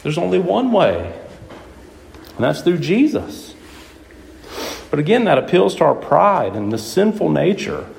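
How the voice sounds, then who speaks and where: A man's voice: fairly high pitch, measured pace, vocal fry, pauses often, a little hiss or hum. A man preaching a sermon who keeps putting questions to his listeners and hammers his points home. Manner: lively, questioning the audience, emphatic. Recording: echoey room with faint ambience.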